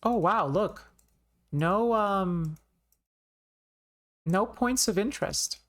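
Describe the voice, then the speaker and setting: A woman's voice: mid-range voice, drawn-out words. A woman streamer giving casual, emotional, slangy reactions while playing a story game.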